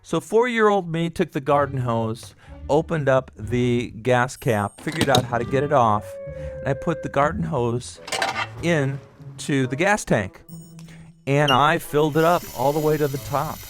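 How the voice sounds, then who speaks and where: A man's voice: mid-range voice, unhurried, over music. Nostalgic man telling childhood stories. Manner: nostalgic, acts out quoted voices with some filler words. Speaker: podcast host. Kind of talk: storytelling monologue.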